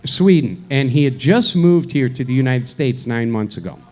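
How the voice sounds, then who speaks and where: A man's voice: medium pitch, lively intonation, normal speed, a little mellow. A man co-hosting a live show, telling a rambling story with crude jokes and lots of restarts. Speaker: co-host. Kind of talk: casual live show banter. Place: live event venue.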